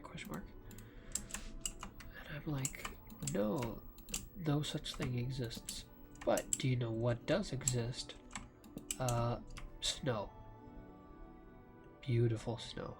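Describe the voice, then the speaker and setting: A man giving slow, rambling commentary over his gameplay, with lots of fillers. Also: medium pitch, music in the background. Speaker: let's play gamer. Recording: loud keyboard clicking throughout. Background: keyboard typing and clicks.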